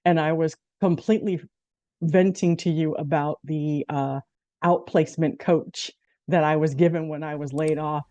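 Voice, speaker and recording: Animated woman in her fifties, dark tone. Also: low voice, no room sound. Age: 50s. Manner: animated storyteller, acts out quotes. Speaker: host. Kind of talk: casual conversation.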